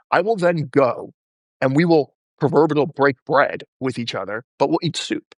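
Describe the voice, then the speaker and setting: A man's voice: a little high, fast, no echo, studio quality. A male podcast host telling stories in a casual interview chat and acting out the people he quotes. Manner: animated, acts out quoted people in his stories.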